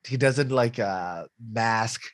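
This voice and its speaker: A young man co-hosting a casual podcast chat, animated, laughing often and filling pauses with "like" and "you know". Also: mid-range voice, dry recording. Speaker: podcast co-host.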